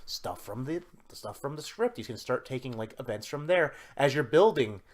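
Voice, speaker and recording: A man's voice: mid-range voice, expressive, normal speed. Rambling male podcast co-host. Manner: rambling, many restarts, explains ideas eagerly. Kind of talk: casual chat.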